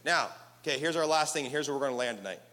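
A male pastor preaching to a live crowd, energetic and casual, leading the room in call-and-response. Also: mid-range voice, very fast. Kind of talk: sermon. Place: large hall with live audience. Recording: echoey hall reverb.

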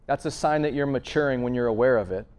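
A man preaching a conversational sermon, earnest and storytelling, swinging between emphatic lines and hushed asides. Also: medium pitch, quick pace, clear, resonant tone. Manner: frequent fillers and restarts, storytelling.

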